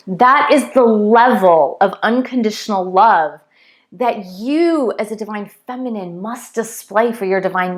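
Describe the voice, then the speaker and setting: A woman speaking with earnest conviction as she teaches a spiritual lesson. Her pitch sits in an ordinary middle range. She repeats words for emphasis as she tells a story. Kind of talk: spiritual teaching with parable retelling.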